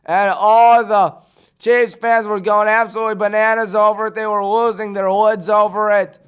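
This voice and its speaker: This man hosts a local sports talk show, rattling off scores and picks casually and excitedly, full of rhetorical questions and exclamations. He talks at a normal pace in a high, smooth, clear voice.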